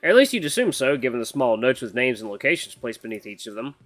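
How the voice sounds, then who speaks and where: A man reading a visual novel aloud with playful, animated asides. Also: mid-range voice, quick pace, no room sound, soft background music.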